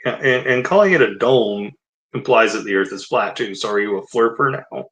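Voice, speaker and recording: At a normal pace and medium pitch, a man with a slightly bright voice mixes read-aloud book passages with sarcastic jabs. The commentary is casual and full of rambling asides, and the audio is poor.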